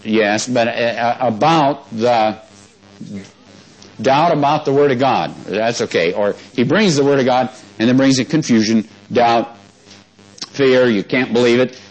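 A man's voice: mid-range voice, measured pace, poor audio. A man preaching a sermon, folksy and conversational, often asking the congregation questions and having them repeat words back. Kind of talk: sermon with congregation call-and-response.

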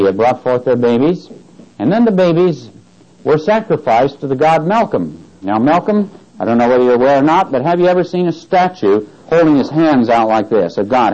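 A man's voice: on the low side, dark tone. A man teaching from the Bible, stopping often to quiz the congregation and waiting for them to fill in the answer. He reads the verses out with rising emphasis. The recording sounds dull and lo-fi. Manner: asks the congregation questions and waits for answers. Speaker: preacher.

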